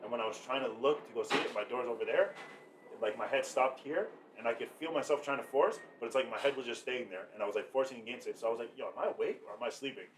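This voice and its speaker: A man's voice: mid-range voice, background noise. A Canadian man telling stories in a casual podcast chat, rambling loosely with lots of "like". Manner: laid-back, quick rambling with lots of "like". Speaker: podcast co-host.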